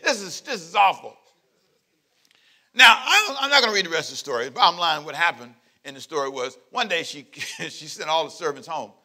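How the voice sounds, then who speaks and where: Preaching in a bright, forceful voice that sits on the high side, this male pastor keeps things playful. He jokes with the congregation, calls out to them, and acts out scenes throughout the sermon.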